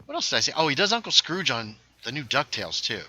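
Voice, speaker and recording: Excitable man streaming a game. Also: medium pitch, fast talker, husky. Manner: excitable, yelling at enemies. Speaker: livestream host. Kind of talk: casual gameplay commentary.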